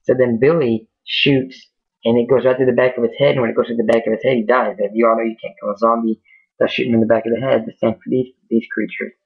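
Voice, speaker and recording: A man tells a spooky war story off the cuff, rambling and restarting often. His voice is fairly flat and mid-pitched. The audio is tinny, like a phone line. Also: fast, breathy edge. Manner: rambling, many fillers and restarts. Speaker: amateur storyteller. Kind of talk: casual improvised storytelling.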